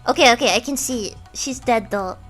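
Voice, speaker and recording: Giggly high-pitched woman streamer. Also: a little fast, faint music behind. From United States. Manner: giggly, excitable, laughs often. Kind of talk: casual chat while gaming.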